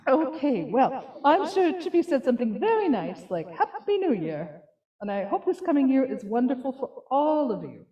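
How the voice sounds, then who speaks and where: A woman's voice: high voice, very animated, moderate pace, reverberant, recorded from a distance, dull audio. A woman leading a children's time at church, cheerful and patient as she talks with a puppet and explains things to children. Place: church sanctuary.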